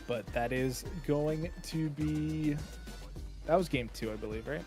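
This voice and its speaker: A man giving color commentary on a fighting game tournament, relaxed and analytical, with plenty of fillers. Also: on the high side, unhurried, soft background music.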